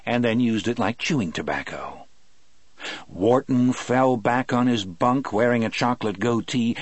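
A man reading an audiobook aloud in a measured, wry storytelling manner. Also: medium pitch, no echo. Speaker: narrator. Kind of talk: audiobook narration.

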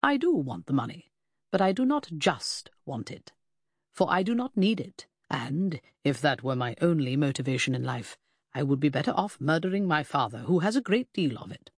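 Lady putting on a stiff fussy victorian gent, slow and clipped, low husky voice, dry close sound. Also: animated, no echo, exaggerated voice. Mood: cold. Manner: slow, precise, clipped, condescending. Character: pedantic, cold Victorian gentleman detective. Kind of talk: audiobook character voice.

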